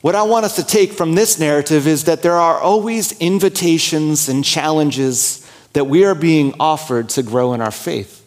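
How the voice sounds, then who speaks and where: A male pastor giving a sermon in a relaxed, conversational tone. His voice sits a little higher than most men's, and he slips into quick quoted prayers and inner asides as he speaks. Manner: conversational, candid, acts out inner dialogue and prayers.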